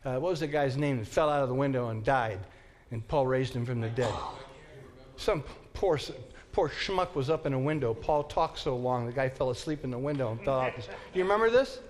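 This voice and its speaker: A man teaching a Bible class in a lively, joking way, acting out the story for his listeners. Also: mid-range voice, brisk. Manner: animated, joking, acts out the story.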